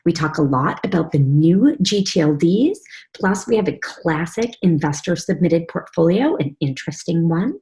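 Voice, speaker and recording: A woman's voice: on the low side, animated, moderate pace, dark tone. A woman hosting and producing a panel talk show, chatty and upbeat, speaking over a video call. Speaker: host and executive producer.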